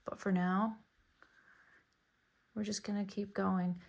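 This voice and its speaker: A woman's voice: medium pitch, level tone, takes it slowly, creaky, darkish tone. A woman teaching beginners to cast on knitting stitches, explaining each step in a chatty, encouraging way. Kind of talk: casual tutorial narration.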